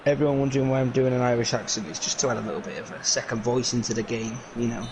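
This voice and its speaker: A man from England, commentating solo on a video game football match in lively play-by-play that is full of fillers. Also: medium pitch, racing, background noise.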